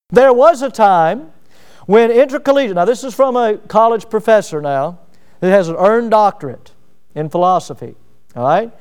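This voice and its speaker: Male preacher, high and clear-toned, reads aloud and stops to comment, stressing key words. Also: lively intonation, normal speed, a little mellow. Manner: reads a passage then breaks off with asides and checks. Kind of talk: sermon reading and commenting on a book.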